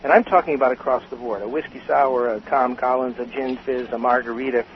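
Older guy on a radio show, lively storyteller, kinda muffled with a little hiss. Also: mid-range voice, fast. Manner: animated storyteller, emphatic with laughs. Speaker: guest, cocktail author and former bartender. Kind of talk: radio interview. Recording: slightly dull radio sound with faint hiss.

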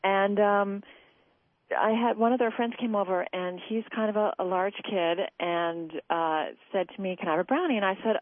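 Mujer animada al teléfono. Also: female voice, mid-range voice, steady tone, normal speed, no room sound. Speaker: cookbook author guest. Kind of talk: radio interview. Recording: tinny phone line.

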